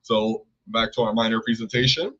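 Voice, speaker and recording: A man's voice: on the low side, normal speed, a bit bright. A man co-hosting a casual live stream, talking enthusiastically, rambling and thanking viewers by name. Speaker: co-host. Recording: dull lo-fi stream audio.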